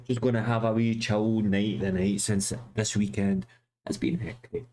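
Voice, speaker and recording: A man's voice: on the low side, unhurried, darkish tone. A man with a Glaswegian Scottish accent, streaming live and chatting casually with friends, laid-back and swearing freely. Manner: laid-back, swears often, says mate a lot.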